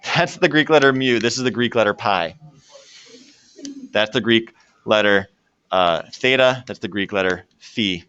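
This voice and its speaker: A man's voice: fairly low pitch, a little slow, long pauses, a bit bright, clean tone, no room sound, dull audio. A man teaching a math lesson to a classroom and joking with his students as he works through problems. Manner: jokey, talks to students while working problems. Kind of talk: classroom lecture.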